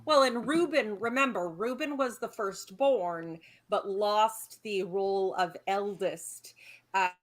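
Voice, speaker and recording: A woman on a casual online panel discussion, blunt and irreverent, tossing out quick quips over a video call. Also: mid-range voice. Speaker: panel guest.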